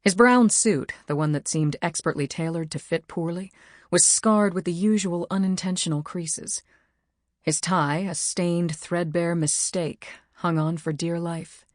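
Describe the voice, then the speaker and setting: Woman narrating a novel, low voice, dry close sound, measured. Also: no room sound. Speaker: audiobook narrator. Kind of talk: scripted narration.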